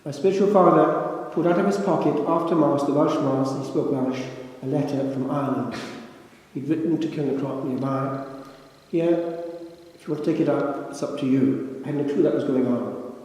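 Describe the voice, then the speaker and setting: An older man, a priest, delivering a sermon as slow, reflective storytelling with dramatic pauses, recorded in a church. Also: fairly high pitch, a little mellow. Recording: echoey church with long reverb.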